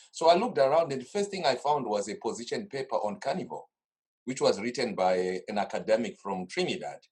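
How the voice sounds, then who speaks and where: A husky-voiced man talks at a brisk clip in a relaxed interview. He tells his story in an anecdotal way, slipping into the exchanges he once had. His voice sits at an ordinary pitch for a man. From Zimbabwe. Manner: lively anecdotal, reenacts past conversations. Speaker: guest.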